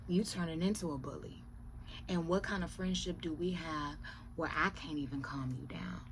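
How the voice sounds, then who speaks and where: A woman quoting a curt, dismissive woman who scolds a friend bluntly, in a low voice. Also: moderate pace, a little hiss or hum, lightly acted. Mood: scolding.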